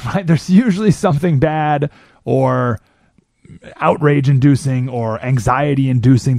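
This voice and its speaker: A man hosting a talk show, delivering an animated monologue and mockingly mimicking other people. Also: medium pitch, measured pace, gravelly, no room sound, studio quality. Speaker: radio talk show host. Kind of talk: monologue commentary.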